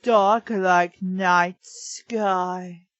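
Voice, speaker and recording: A woman reading the lines of a sullen girl speaks low and gloomy. The delivery is flat and dark. The recording is dry and a little dull. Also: extremely slow, no echo. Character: sullen young woman shopper.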